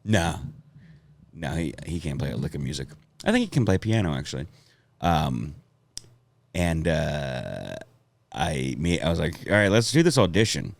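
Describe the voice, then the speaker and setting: A man's voice: rumbling low, sing-song, a little slow, gravelly, darkish tone, no echo. A man telling rambling, profane stories in a casual podcast chat, laughing as he goes. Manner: rambling storytelling, laughs often, swears. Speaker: comedian guest.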